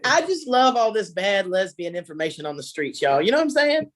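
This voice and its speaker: A woman's voice: mid-range voice, sing-song, fairly quick. A woman doing a stand-up comedy set at home, chatty and self-mocking, laughing at her own jokes. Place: home, virtual show.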